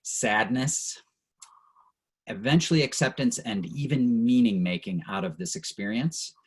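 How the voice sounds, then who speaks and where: A man's voice: mid-range voice, measured pace, slightly rough, rough recording. A middle-aged man leading an online training session over a video call, earnest and reflective, and openly emotional at times.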